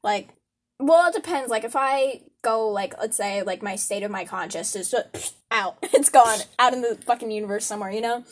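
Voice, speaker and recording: A woman's voice: fairly high pitch, normal speed, slight background noise. A young woman in casual chat who laughs often and swears freely, talking about her own life.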